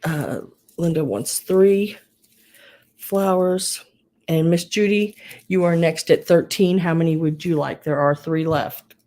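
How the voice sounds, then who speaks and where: Low, slow-talking woman running a live sale. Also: mellow. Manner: chatty, talks to bidders by name. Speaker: live auction seller. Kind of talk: casual live sale auctioneering.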